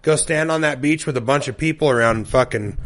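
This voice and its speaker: A man's voice: medium pitch, fast talker, fairly bright tone. A man co-hosting a podcast, handing out laid-back, profane advice in casual chat. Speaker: podcast co-host.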